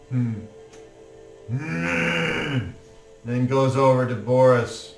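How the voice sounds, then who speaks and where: A man's voice: mid-range voice, gravelly, a bit bright, recorded from a distance. A man running a tabletop game as game master, narrating playfully and laughing often. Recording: echoey room, faint music.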